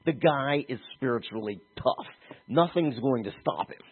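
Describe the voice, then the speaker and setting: A man preaching a sermon, talking animatedly and moving from soft, slow stretches to emphatic ones. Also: mid-range voice, lively intonation, breathy edge. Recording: tinny phone-like audio.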